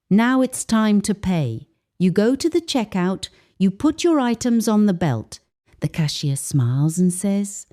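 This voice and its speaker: Slow, lively woman teaching English. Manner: slow and clear, sample phrases read with a higher lilt. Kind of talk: slow scripted English lesson narration.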